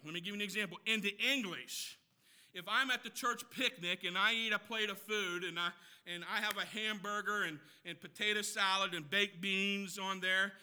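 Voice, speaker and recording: A man delivers an impassioned sermon in a high, piercingly bright voice. He swings from shouted emphasis to hushed teaching and repeats phrases to drive a point home. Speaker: pastor.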